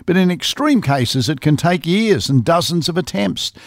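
Aussie radio guy telling a quirky news bit, wry and chatty, fairly high voice, dry mic. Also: animated, moderate pace, no room sound. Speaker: radio host. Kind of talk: casual radio chat.

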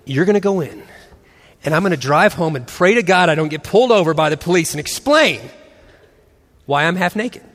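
Animated high-voiced man in his forties. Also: brisk, long reverb tail. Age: 40s. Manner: animated storyteller, acts out quotes, laughs often. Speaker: pastor co-host of a marriage and parenting session. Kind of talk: storytelling talk to an audience.

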